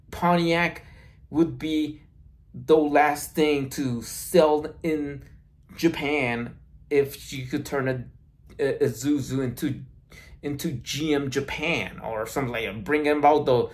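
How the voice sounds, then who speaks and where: A vlogger in a casual rambling monologue, recorded on a phone, halting with many restarts and repeated words. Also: mid-range voice.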